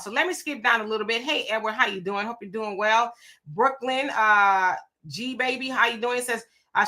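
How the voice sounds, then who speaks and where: A woman's voice: a little high, bright, forceful tone. A woman hosting a casual live stream, greeting viewers one by one and reading their comments aloud in loose vernacular talk.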